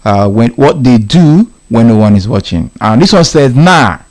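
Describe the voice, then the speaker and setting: A man's voice: mid-range voice, big pitch swings, moderate pace, darkish tone. A man hosting a casual radio live stream, reading listener answers aloud with frequent laughs and repeats. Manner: amused, laughing often, repeats lines. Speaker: radio host.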